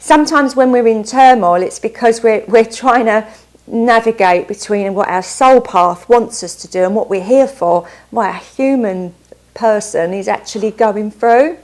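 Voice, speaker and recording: A woman's voice: fairly high pitch, a little slow, darkish tone. A woman doing a casual tarot card reading, upbeat and chatty, often stopping to add asides. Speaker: tarot reader.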